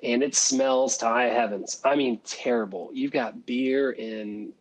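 A man, a former valet, telling a story as a guest, animated, laughing often and acting out other people's voices. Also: mid-range voice, unhurried, husky, rough recording. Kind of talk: casual storytelling.

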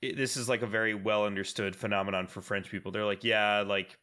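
A man's voice: on the low side, steady tone, quick pace, a bit bright. A man co-hosting a podcast, talking casually with lots of fillers and restarts. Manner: rambling, many fillers and restarts. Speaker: podcast co-host. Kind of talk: casual chat.

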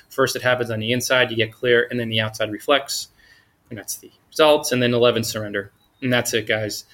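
A man's voice: medium pitch, a bit bright. A man giving an upbeat, informal motivational talk on blogging, full of slang and enthusiasm. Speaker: blogging coach.

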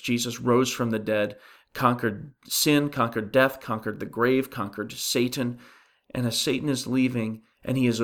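A man's voice: medium pitch, a bit bright. Man preaching in a conversational way. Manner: earnest, asks the listeners rhetorical questions; frequent restarts while thinking aloud. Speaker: pastor. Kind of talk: conversational sermon on a Bible passage.

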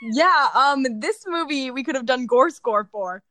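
A woman's voice: high-pitched, animated, a little slow, bright, forceful tone, no echo. A young woman hosting a podcast in casual chat, laughing often and swearing casually. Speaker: podcast host.

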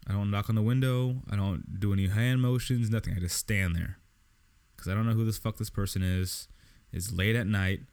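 A man's voice: fairly low pitch, normal speed, clear, resonant tone. A man, hosting a podcast and telling a long story, full of swearing and acted-out dialogue. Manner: profane, animated storytelling with quoted dialogue. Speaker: podcast host. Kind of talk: casual storytelling monologue.

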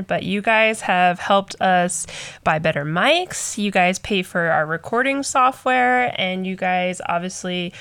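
Young woman co-host, bright tone, playful joker, relaxed banter. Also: mid-range voice, clear, resonant tone. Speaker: podcast co-host. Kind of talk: casual chat.

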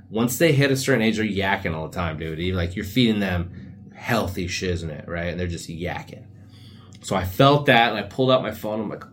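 A fairly low-pitched, fairly bright male voice belongs to a young solo podcast host. He rambles casually through laid-back stories loaded with slang and side comments, and he often puts on silly voices whenever he quotes someone.

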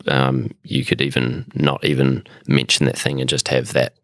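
A man hosts a relaxed podcast conversation in a very low voice. He rambles, repeats himself while searching for words, and swears casually. The recording is dry and close. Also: normal speed, dry recording. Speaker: podcast host. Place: indoor room with a painting on the wall.

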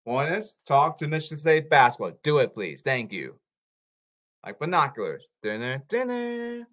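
A man in a rambling monologue, repeating commands and calls, with loud bursts and sudden drops in volume. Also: on the high side, sing-song, normal speed. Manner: repetitive, issuing commands and calls.

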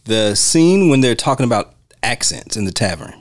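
A man's voice: medium pitch, normal speed. A man hosting a film podcast, chatting casually and acting out quotes as he retells scenes. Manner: animated retelling, acts out quotes. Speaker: podcast host.

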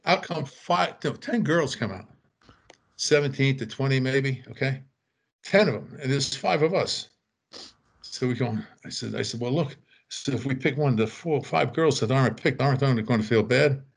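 A man's voice: medium pitch, normal speed, gravelly, slightly rough. An older man telling rambling anecdotes in casual chat, acting out quoted voices and chuckling. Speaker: author telling stories.

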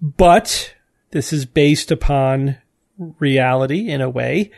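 In casual panel chat, a male podcast host explains things and keeps restarting his sentences. He speaks slowly in a mid-range voice that's a little mellow, with noticeable vocal fry.

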